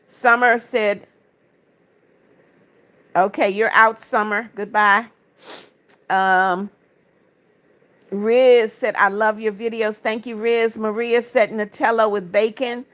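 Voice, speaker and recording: A woman's voice: on the high side, fairly even intonation, slow, pauses often, a bit bright. A woman from Florida hosting a casual livestream, reading viewers' comments aloud and answering each with friendly greetings and blessings. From Florida, United States. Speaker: livestream host.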